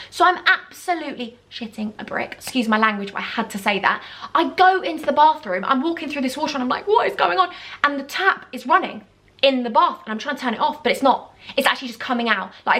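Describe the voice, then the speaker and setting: A young woman telling a dramatic, gushing storytime, acting out quoted voices with big jumps in pitch. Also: fast talker, bright, forceful tone. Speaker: YouTuber. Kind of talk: casual storytime chat.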